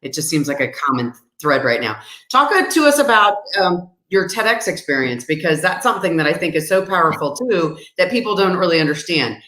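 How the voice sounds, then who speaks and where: A woman's voice: on the low side, very animated, fairly quick, bright, forceful tone, roomy sound. A woman hosting a live online interview, affirming her guest with enthusiastic reactions. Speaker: interview host.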